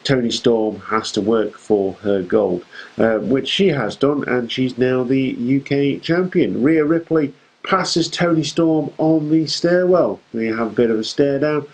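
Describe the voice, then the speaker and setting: A man's voice: medium pitch, unhurried, darkish tone, slightly rough, low-quality recording. A man hosting a fan show, giving a chatty, rambling recap of a wrestling show with jokey asides.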